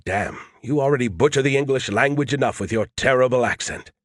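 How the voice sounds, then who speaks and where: A man's voice: mid-range voice, fairly quick, fairly bright tone, no echo, clean studio sound, natural voice. A man voicing a smug, sarcastic male AI who talks down to people and teases them. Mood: mocking. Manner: condescending, teasing.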